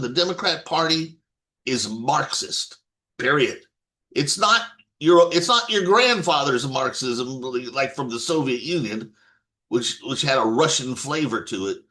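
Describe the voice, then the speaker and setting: A man's voice: on the high side, sharp tone. Rambling man ranting about politics. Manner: rambling, with many restarts and blunt swearing. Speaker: political commentator. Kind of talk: off-the-cuff political monologue.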